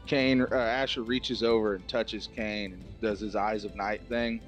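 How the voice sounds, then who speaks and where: A man's voice: lowish voice, steady tone, a little slow, soft background music. A man playing a tabletop role-playing game, talking bluntly in character and swearing often. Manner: blunt, profane, urgent. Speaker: player.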